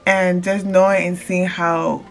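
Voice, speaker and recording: A young woman vlogger telling an excited casual storytime straight to her viewers, calling them y'all. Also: on the low side, unhurried, faint music behind.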